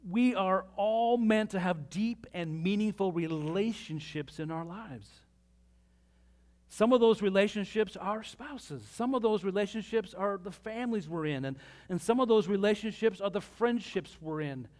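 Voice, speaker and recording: High-voiced man preaching a sermon. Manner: animated preaching with pauses and asides. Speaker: pastor.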